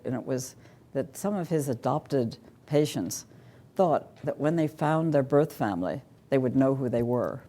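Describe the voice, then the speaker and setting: An older woman speaks at a conference in a low, gravelly, husky voice with a mellow, dark tone. Her delivery is wry and dry-humored as she lectures an audience and reads cartoon captions aloud.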